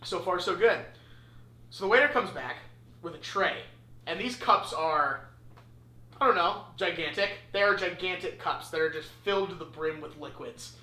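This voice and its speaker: A young man casually telling a funny story, animated and swearing, acting out the people in it. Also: on the high side, moderate pace. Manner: animated, swearing, acts out voices. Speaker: podcast host. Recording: echoey room with faint noise.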